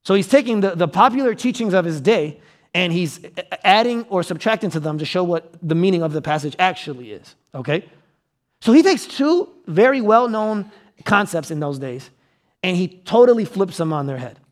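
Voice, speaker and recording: A young man preaching a sermon in a high, light voice, chatting with his congregation as he goes. He keeps asking them to follow along and checks they agree. Now and then he acts out a quote with a sudden loud cry. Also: very animated, normal speed. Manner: conversational, checks in with the audience. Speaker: pastor.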